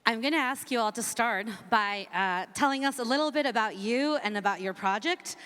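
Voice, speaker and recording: A woman hosts a ceremony on a large conference hall stage, upbeat as she announces the finalists, with fillers between names. Her voice is a little high, fairly bright and smooth at a moderate pace, and the big hall is reverberant.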